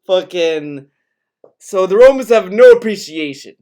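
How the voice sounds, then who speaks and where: A man's voice: high voice, animated, measured pace, dark tone, clear, resonant tone. A man from Greece, a streamer giving sarcastic, profane reaction commentary, often laughing.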